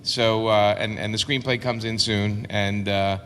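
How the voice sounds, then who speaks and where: A man's voice: lowish voice, steady tone, measured pace, a bit bright, a little hiss or hum. A man chatting and joking as a comics writer on a convention panel, laughing often. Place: large convention hall with audience. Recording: echoey hall with crowd.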